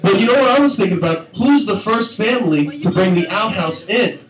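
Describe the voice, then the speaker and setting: A man's voice: sits high, expressive, a little fast, over music. A young man doing a crude, rambling stand-up comedy set on a club stage, laughing at his own jokes. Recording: echoey room from far, crowd noise.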